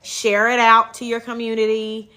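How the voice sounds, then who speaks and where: Woman, bright voice, casual livestream host, chatty, upbeat, phone mic. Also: a little high, monotone, moderate pace, clear, resonant tone. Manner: chatty, thanks viewers mid-sentence, upbeat. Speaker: herbal wellness livestream host.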